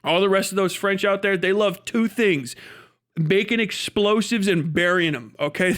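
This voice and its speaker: A high-pitched man holds a loose, profane live-stream rant, laughing between his jabs. His talk is casual and full of swearing, dropped straight into the mic. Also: moderate pace, fairly bright tone. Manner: profane, ranting, laughs often. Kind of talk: casual livestream chat.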